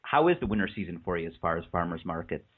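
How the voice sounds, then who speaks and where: A man's voice: sits low, sing-song, fast. A man hosting a podcast interview, talking in a thoughtful, conversational way. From California. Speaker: podcast host. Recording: tinny phone line.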